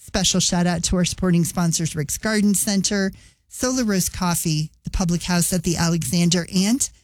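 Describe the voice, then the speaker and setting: Woman radio host, low-pitched, upbeat, chatty contest promo, dry studio sound. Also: steady tone, normal speed, darkish tone, no echo.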